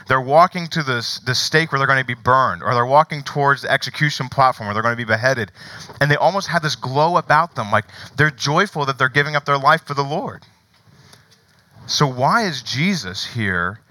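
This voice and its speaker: A man preaching a sermon in a conversational way, often checking in with "right?" and slowing down to stress key words. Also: mid-range voice, sharp tone, dry recording, rough recording. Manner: conversational, frequent "right?" asides.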